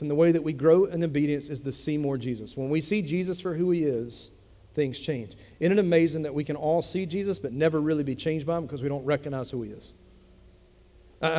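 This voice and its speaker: A man's voice: a little high, a little mellow, big-room sound. A man preaching a sermon as a pastor, speaking in a conversational way and repeating phrases for emphasis. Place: church sanctuary.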